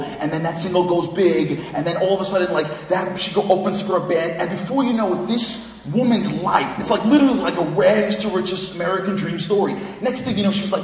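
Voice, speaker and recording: Middle-aged man, animated storytelling lecturer, self-mocking; distant mic in a reverberant hall. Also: mid-range voice. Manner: emotional, self-mocking, lots of "like" fillers. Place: synagogue hall. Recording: echoey hall from far off.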